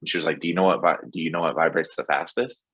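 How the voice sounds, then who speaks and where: A man's voice: extremely low pitch, fairly even intonation, very fast, a bit bright, slightly rough. A man talking as a podcast guest in a casual, rambling, enthusiastic way, with lots of fillers. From Texas. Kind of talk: casual interview chat.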